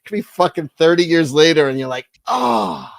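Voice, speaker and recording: A man's voice: fairly high pitch, steady tone, quick pace, no room sound. A man co-hosting a comedy podcast, telling crude stories in a rambling, profane way and laughing through them. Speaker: podcast co-host.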